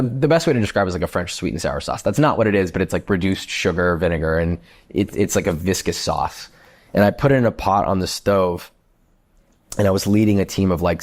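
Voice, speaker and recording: A chef with a low male voice tells a kitchen story, talking casually and animatedly, swearing freely and using lots of fillers.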